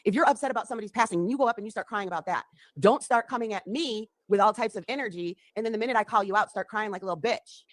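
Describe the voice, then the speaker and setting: Fast-talking woman ranting on a livestream. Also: mid-range voice. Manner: heated, accusing, profane. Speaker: livestreamer in a clip. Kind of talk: confrontational livestream rant. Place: home.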